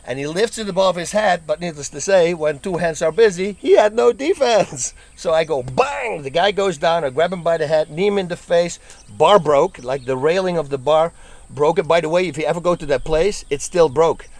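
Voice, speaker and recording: A middle-aged man from the Netherlands telling lively stories about his days as a bouncer, laughing as he goes. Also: a little high, fairly quick. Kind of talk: casual storytelling.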